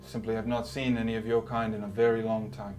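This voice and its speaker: A man voicing a courtly old male elf noble who speaks in a formal, measured way, with music playing behind him. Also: lowish voice, level tone, close to an everyday voice. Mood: courteous.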